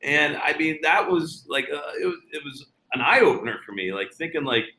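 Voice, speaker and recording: A man's voice: on the high side, expressive, a little fast, sharp tone, reverberant, low-quality recording. A man talking casually about baseball as an interview guest, telling stories with many fillers and restarts.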